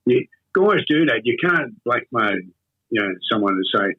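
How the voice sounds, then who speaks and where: Husky older Australian man, phone-thin sound. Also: medium pitch, lively intonation. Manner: rambling, halting, with many fillers and restarts. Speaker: interview guest. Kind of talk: casual storytelling. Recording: tinny phone-like audio.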